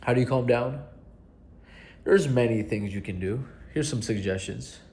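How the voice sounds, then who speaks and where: A man's voice: mid-range voice, moderate pace, a little mellow. A young adult man coaching viewers in a casual vlog, earnest and blunt, swearing casually and repeating himself for emphasis. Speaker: self-help coach.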